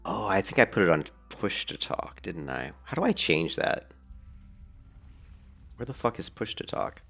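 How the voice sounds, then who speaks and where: A man's voice: low voice, sing-song, measured pace, creaky, fairly bright tone, soft background music. A man chatting casually while playing a game, rambling, laughing often and swearing now and then. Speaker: gaming streamer. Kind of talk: casual gameplay commentary.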